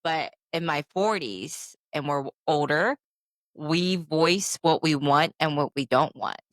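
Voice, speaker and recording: Woman in her 40s, low voice, candid podcast co-host, dry close mic. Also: a little slow, dry recording. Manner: open, animated storytelling with frequent "I'm like" asides. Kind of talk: candid casual chat.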